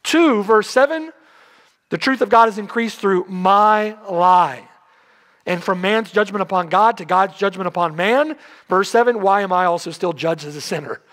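A man with a high-pitched voice delivers an expository sermon. He presses his points with rhetorical questions and repeated phrases. The sound carries a long reverb from a church hall. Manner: emphatic preaching with rhetorical questions. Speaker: pastor. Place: church sanctuary.

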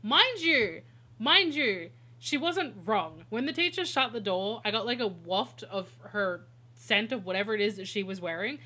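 A woman's voice: mid-range voice, expressive, normal speed, sharp tone. A woman streaming a video game, chatting casually with viewers and telling stories with frequent laughter. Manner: chatty storyteller who laughs often. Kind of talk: casual gameplay chat.

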